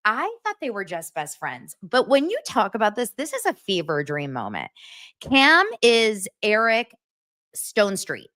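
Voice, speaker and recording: A woman's voice: mid-range voice, wildly swooping pitch, a little slow, a bit bright, no room sound, clean studio sound. A woman in her forties hosting a casual livestream chat, laughing often and reading viewer comments aloud. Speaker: livestream host.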